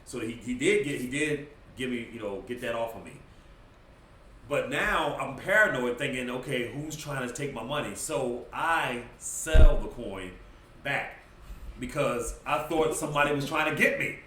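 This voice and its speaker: Animated man telling a story, roomy sound. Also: mid-range voice, normal speed, a little hiss or hum. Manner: animated storyteller, acts out quotes, laughs as he talks. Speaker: podcast guest. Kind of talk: casual chat, storytelling. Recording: roomy, slightly distant mic, faint ambience.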